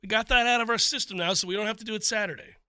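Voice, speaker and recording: A man's voice: high voice, rapid-fire, clear, resonant tone, no echo. A man hosting a sports talk show, bantering and acting out a fan's frustration with lots of laughter. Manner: animated, laughing, acts out fan reactions. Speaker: sports radio host.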